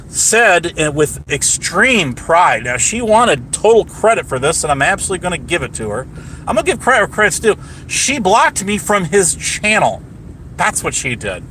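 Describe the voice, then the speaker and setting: Guy ranting on stream while driving home, cussing a lot, voice bouncing all over, loud car noise. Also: a little high. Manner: profane, combative, rambling. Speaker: livestream host. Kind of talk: rambling livestream chat. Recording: noisy car cabin.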